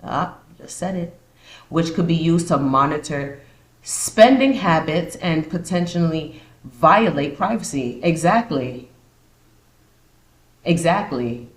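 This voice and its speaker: A woman hosts a casual commentary podcast, reading points aloud and riffing on them with sarcastic asides. Her voice sits low and animated, and she goes slowly. The recording has a roomy echo.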